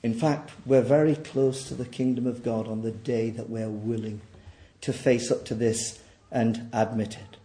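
A man's voice: fairly even intonation, normal speed. Preacher man with a roomy echo. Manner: swings from quiet low asides to loud, high, near-shouted peaks. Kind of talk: sermon. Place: church.

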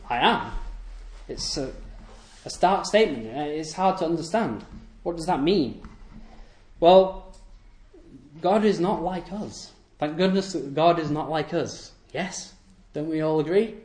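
A man preaching a sermon to a congregation, asking rhetorical questions and repeating key phrases for emphasis. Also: on the high side. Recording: echoey room.

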